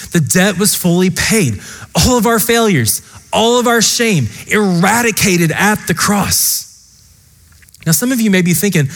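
A pastor with a slightly high voice gives an earnest, impassioned sermon, repeatedly speaking directly to his congregation. A long reverb tail trails his words.

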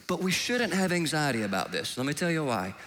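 A male preacher delivering a sermon, animated and emphatic, dropping now and then into soft, hushed asides. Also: a little high, brisk.

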